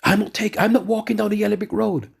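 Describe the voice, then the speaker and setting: A man's voice: sits high, little pitch movement, quick pace, vocal fry, husky, voice pushed up, heavily acted. A man voicing a chatty woman shop worker who repeats her words earnestly.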